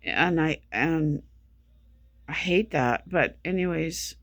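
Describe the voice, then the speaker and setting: Exhausted, rambling vlogger with gravelly fry. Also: medium pitch, slow pace, a bit bright, no room sound, studio quality. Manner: rambling, repetitive, restarting sentences. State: exhausted and sleep-deprived; feeling sick. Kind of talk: casual vlog monologue.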